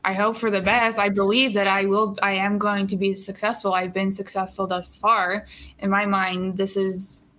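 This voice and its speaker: A young actress as an interview guest, chatting casually with lots of fillers and frequent laughter. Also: female voice, medium pitch, level tone, normal speed, a bit bright.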